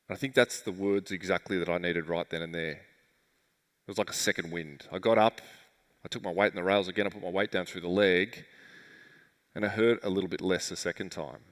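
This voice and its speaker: A man's voice: lowish voice, fairly bright tone. An Australian man telling a vivid, emotional personal story as a keynote speaker at a conference. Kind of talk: storytelling talk on stage. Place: large conference hall. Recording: reverberant conference hall.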